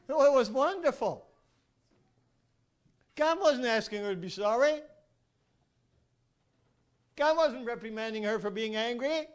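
Guy with a really high voice preaching, chatty storytelling, keeps asking "right?". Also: unhurried, pauses often. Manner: animated, rhetorical asides, chuckles often. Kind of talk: informal sermon with storytelling.

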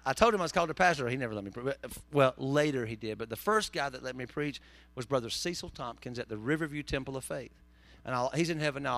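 A man's voice: fairly high pitch, vocal fry, fairly bright tone, dry recording. A man preaching a sermon, telling folksy, joking stories. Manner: folksy, joking storyteller with southern turns of phrase. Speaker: pastor.

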